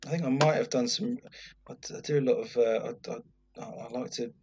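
A man's voice: medium pitch, moderate pace, a little mellow, husky, muffled recording. A man, co-hosting a podcast in casual banter, blunt and teasing with lots of swearing. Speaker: podcast co-host.

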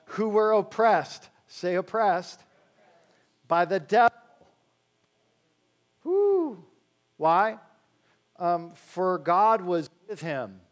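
A man preaching a sermon in a conversational way, slowing down to stress key phrases and adding joking asides to the congregation. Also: high-pitched. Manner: slows to stress key phrases, then rattles along quickly. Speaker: pastor.

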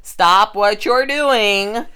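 A woman's voice: medium pitch, extremely slow, bright, forceful tone, smooth. A woman in her thirties co-hosting a podcast in casual chat, talkative, laughing often and drifting into preaching. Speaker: podcast co-host.

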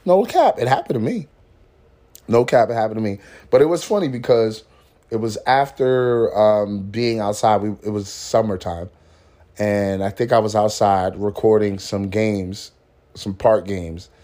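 Unhurried and mellow, the podcast host's lowish voice stays fairly even as he chats casually about motivation. He uses lots of slang, keeps saying "man," curses freely and chuckles at the stories he tells.

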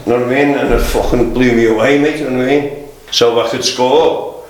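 A man's voice: mid-range voice, fairly even intonation, brisk. A man, a former footballer, telling candid stories as a podcast guest, swearing constantly, laughing through them and tacking "mate" onto his sentences. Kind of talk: candid storytelling in casual chat. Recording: very echoey room.

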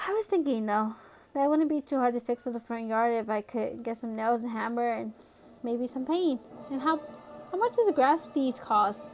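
A woman's voice: fairly high pitch, moderate pace, faint music behind, lightly acted. A woman reading aloud, voicing an earnest young girl who pleads and asks eager questions.

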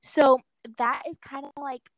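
A woman's voice: high voice, steady tone, measured pace, no echo, rough recording. A teenage girl co-hosting a casual podcast, laughing often and filling her talk with "like". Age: late teens. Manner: giggly, filler-heavy. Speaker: podcast co-host. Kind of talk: casual chat.

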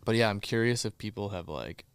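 A man guesting on a podcast, talking in a halting, hesitant way between songs. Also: lowish voice, expressive, clean tone, dry recording. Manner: hesitant, halting, soft-spoken. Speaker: musician guest. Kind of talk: casual chat and singing with guitar. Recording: guitar music behind.

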